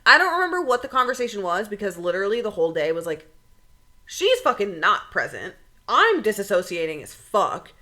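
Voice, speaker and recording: A woman co-hosting a podcast tells a story in casual chat, her voice bright and sitting at a middle pitch. She talks bluntly and animatedly, swearing freely as she goes. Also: very animated, brisk. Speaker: podcast co-host.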